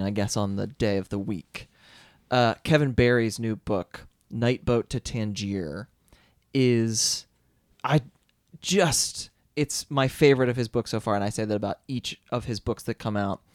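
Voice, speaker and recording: A man chats on a podcast about books he loves, enthusiastic and a little rambling. His voice sits at a middle pitch, recorded close and dry with no room sound. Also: smooth, no room sound. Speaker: podcast co-host. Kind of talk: casual chat, book recommendation.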